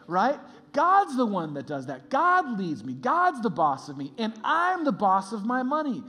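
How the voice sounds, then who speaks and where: A man preaching a sermon as a pastor in a lively, conversational way, laughing often. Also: extremely high pitch, normal speed, faint music behind.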